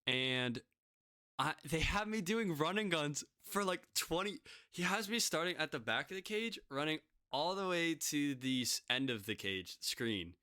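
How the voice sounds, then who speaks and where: Bright, clear young man telling stories. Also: on the high side, expressive, measured pace, no echo, studio quality. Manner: rambling, self-deprecating, full of fillers. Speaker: podcast guest pitcher. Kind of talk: casual storytelling.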